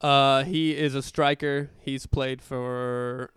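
A man's voice: mid-range voice, level tone, slow, fairly bright tone, smooth, no room sound. A man co-hosting a casual sports podcast with laid-back, dry remarks. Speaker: podcast co-host.

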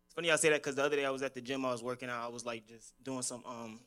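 A man on a podcast telling an animated, slangy story in casual chat. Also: mid-range voice, racing, smooth.

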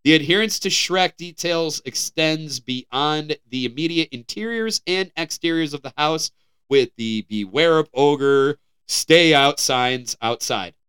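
A man's voice: a little high, animated, a little slow, fairly bright tone, smooth. An American man co-hosting a podcast, reading out headlines in a casual, joking way and sometimes stumbling over words. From United States. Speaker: podcast co-host.

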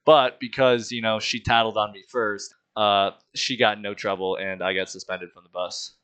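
A man's voice: on the low side, level tone, normal speed, fairly bright tone, clean tone. A young man telling a childhood story in casual podcast chat, laughing often and acting out the other people's voices. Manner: laughs often, acts out voices in his stories.

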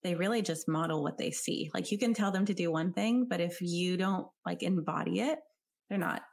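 A woman's voice: lowish voice, normal speed, creaky, a little mellow. A woman hosting a podcast interview, talking in a reflective, conversational way with frequent fillers. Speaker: podcast host.

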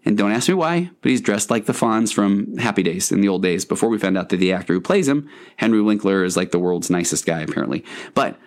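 Man, podcast host, counselor, somewhat low voice, earnest, conversational. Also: expressive, quick pace. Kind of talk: podcast monologue.

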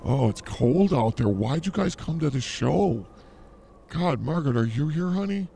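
A male podcast co-host bragging and ribbing his partner in playful banter. His voice has a gravelly, fry-heavy texture at a middle pitch. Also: animated, unhurried, warm tone, a little hiss or hum. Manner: boastful, mock-arrogant teasing. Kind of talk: comedic banter.

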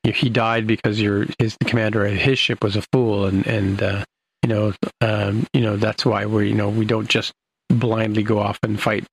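A man's voice: lowish voice, level tone, moderate pace, creaky, a little hiss or hum, rough recording. An older man casually recapping a TV episode, rambling with many fillers and restarts.

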